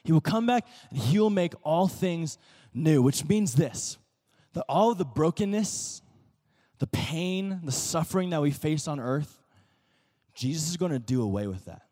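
Casual-sounding pastor preaching in a reverberant hall. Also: male voice, on the high side, expressive, a little slow, dark tone. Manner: conversational preaching full of "like" fillers and restarts; leads call-and-response with the congregation. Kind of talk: sermon.

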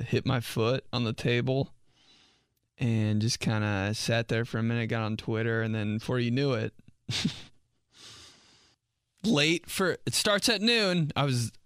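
A man in his twenties talks through comic stories in a loose, rambling monologue, stuffed with fillers. His pitch sits mid-range for a man. The sound is dry and close, with no room around it. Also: vocal fry, smooth, no room sound. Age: 20s. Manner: rambling, filler-heavy with frequent "like". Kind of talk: casual comedic monologue.

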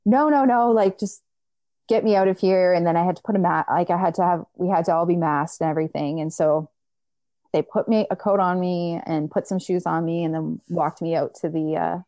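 Young woman telling a story, lowish voice, lots of "like"s, dry close sound. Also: a little fast, no echo. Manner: animated retelling, acting out quoted people, many filler likes. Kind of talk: casual personal storytelling.

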